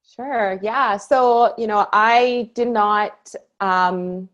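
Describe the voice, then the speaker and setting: A woman in her thirties from Canada tells her own story as a call guest. Her voice sits at a middle pitch, and she speaks with earnest enthusiasm. She often slips in a "you know" and laughs easily. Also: steady tone, extremely slow, fairly bright tone, muffled recording. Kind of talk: personal story in casual conversation.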